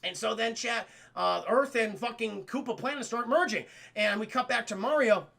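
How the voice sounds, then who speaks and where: A man recapping a film for his stream chat, excitable, swearing constantly and acting out the scenes. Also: very high-pitched, moderate pace, vocal fry.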